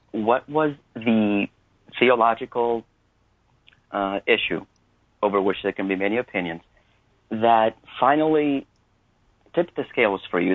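A man calling into a radio show, polite and slow as he searches for his words. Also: on the low side, no room sound. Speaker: caller. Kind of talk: phone call-in question. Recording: tinny phone line.

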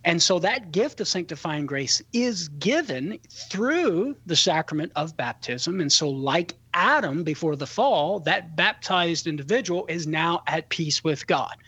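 Male radio expert, slightly high, husky voice, dry studio, measured explaining. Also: animated, bright, forceful tone. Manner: careful, explanatory. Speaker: radio show guest expert. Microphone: studio microphone.

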